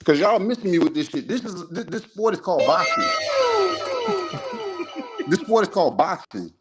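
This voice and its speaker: A man's voice: sits high, moderate pace, heavy background noise. Heated, profane man arguing sports. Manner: profane, animated, repeats himself. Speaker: podcast co-host.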